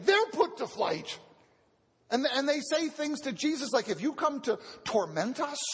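A man with a very high, husky voice preaches a sermon, teaching earnestly and doubling back on his words as he goes. His voice rings out with a long hall reverb around it. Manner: earnest teaching, often repeats words as he restarts. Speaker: pastor.

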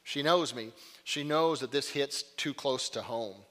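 A middle-aged man preaching a sermon, telling stories with energy and swinging from loud outbursts to hushed lines. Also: mid-range voice, measured pace. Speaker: pastor. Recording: long reverb of a large hall.

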